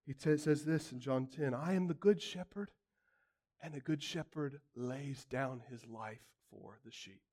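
A man preaching a sermon, acting out quotes dramatically and swinging from loud outbursts to hushed lines. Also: on the high side, measured pace.

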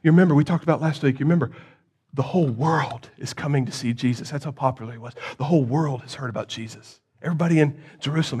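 A man preaching a sermon, retelling the story dramatically and swinging from hushed tones to loud pleas, with rhetorical questions to the listeners. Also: medium pitch, husky.

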